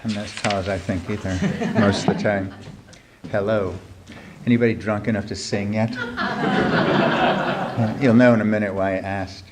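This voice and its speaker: A man's voice: lowish voice, lively intonation, normal speed, pauses often, heavy background noise. A middle-aged man reading his humorous essay aloud at a live reading event, dry and wry, with many ums between phrases. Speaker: writer reading his piece.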